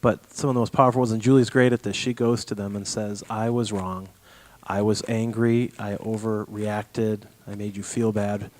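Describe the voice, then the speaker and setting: A man's voice: lowish voice, little pitch movement, moderate pace, darkish tone, no echo, poor audio. A man co-presenting a church parenting workshop, speaking sincerely and reflectively.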